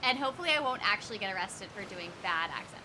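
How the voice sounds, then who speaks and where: A woman's voice: mid-range voice, lively intonation, rapid-fire, background noise. A woman from the United States chatting casually and giggling on a game stream as its host. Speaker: streamer and voice actor. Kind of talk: casual chat while gaming.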